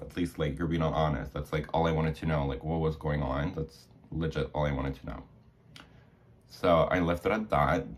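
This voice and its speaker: Chatty deep-voiced man telling a story. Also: slight background noise. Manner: chatty, dramatic retelling with quoted dialogue. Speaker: vlogger. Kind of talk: casual storytelling while doing makeup.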